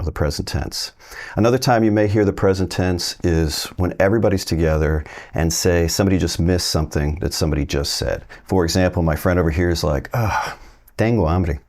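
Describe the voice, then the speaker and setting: A man teaching a casual video lesson, explaining slowly and loosely with plenty of fillers. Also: low-pitched, darkish tone. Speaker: Spanish teacher.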